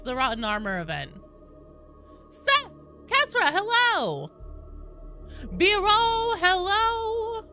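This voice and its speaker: A sleep-deprived woman streamer chatting to her audience in a bright, fairly high voice that swoops up and down a lot. She talks casually and swears freely, with faint music playing behind her. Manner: animated, swears casually, reads out chat names. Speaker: game streamer. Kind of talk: casual live-stream chat.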